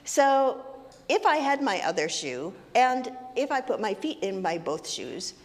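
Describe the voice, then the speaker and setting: A playful woman with a lively, bouncing pitch leads a children's message, drawing her words out slowly and teasingly. Her voice rings through a large sanctuary with a long reverb tail and faint room noise behind it. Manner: playful, teasing, sing-song, animated with children. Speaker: minister leading a children's story time. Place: sanctuary of a congregation.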